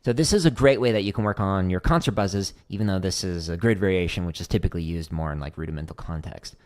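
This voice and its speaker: A man's voice: low-pitched, fast, a little mellow. A man hosting a casual livestream drum lesson, explaining technique as he demonstrates, with frequent "like" fillers.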